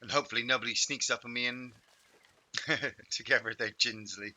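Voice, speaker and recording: A man hosting a game stream, giving excitable, shouty commentary with playful trash talk. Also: mid-range voice, fairly quick. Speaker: gaming host. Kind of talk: live gameplay commentary.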